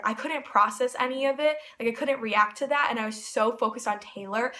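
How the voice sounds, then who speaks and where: A young woman telling a personal story in a vlog, excited and rambling, full of fillers and quoted dialogue. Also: a little high. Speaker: vlogger.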